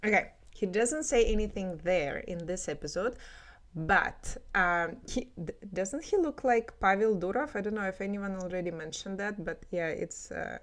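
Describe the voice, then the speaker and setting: A woman's voice: medium pitch, normal speed. Woman teaching language. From Russia. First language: Russian. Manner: explanatory, casual, many filler ums. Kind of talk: language lesson vlog.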